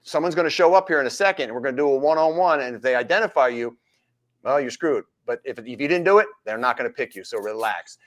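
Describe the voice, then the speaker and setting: Speaking fast at a medium pitch, a man who used to be a cop runs a live-stream chat. He energetically plays out street encounters, switching between voices.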